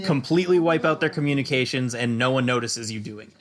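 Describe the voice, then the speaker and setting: A man's voice: medium pitch, fast, crowd noise. A man running a tabletop role-playing game, narrating casually and explaining the rules. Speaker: game master.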